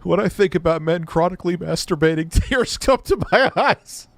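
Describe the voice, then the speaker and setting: A man's voice: on the high side, flat delivery, fairly quick, vocal fry, a little mellow, no room sound. A man putting on a whiny, sobbing frog-like voice to mock someone crying. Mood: mock-sad. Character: man mock-weeping in a Kermit-like voice.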